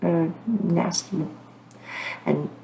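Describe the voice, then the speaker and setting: A woman's voice: fairly low pitch, extremely slow, gravelly, mellow, a little hiss or hum. A middle-aged woman talking casually to camera as a psychic host, rambling and earnest with frequent fillers and apologies. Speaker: psychic medium channel host.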